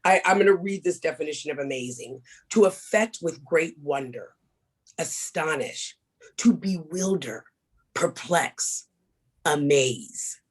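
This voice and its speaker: A woman's voice: low voice, animated, unhurried, breathy edge. A woman speaker leading a small group workshop, talking openly and animatedly and getting everyone to repeat affirmations. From Kansas. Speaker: motivational speaker. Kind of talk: interactive workshop talk.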